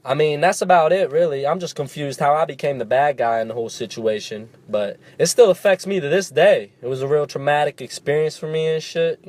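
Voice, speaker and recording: A male vlogger telling a story to camera in a casual, animated, jokey way, cursing freely. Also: fairly high pitch, a little fast, few pauses.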